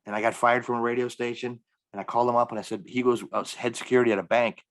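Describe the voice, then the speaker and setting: A man's voice: medium pitch, flat delivery, racing, a bit bright. A middle-aged man, a stand-up comedian, telling a long story in a podcast interview and acting out the dialogue with energy. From Milwaukee area, US.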